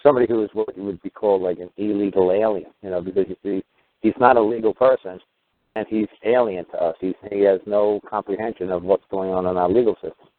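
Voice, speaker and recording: A man with a lowish voice hosts a call-in talk show. He jokes and riffs, playing with words as he goes. His voice comes through a tinny, dry phone line. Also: fairly even intonation, quick pace, no room sound. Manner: joking, riffing with wordplay. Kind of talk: casual call-in radio talk.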